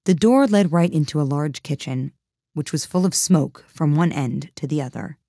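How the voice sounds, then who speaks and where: Low-voiced woman reading a storybook. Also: lively intonation, normal speed, mellow, husky, no echo, clean studio sound. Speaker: audiobook narrator. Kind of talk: storybook narration.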